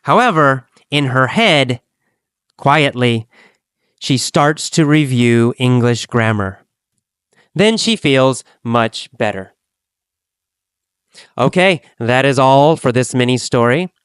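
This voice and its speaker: A man teaching an English lesson, speaking slowly and deliberately and repeating phrases for learners to copy. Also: medium pitch, animated, a bit bright, clear, resonant tone, no echo. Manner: slow, deliberate, repetitive drilling.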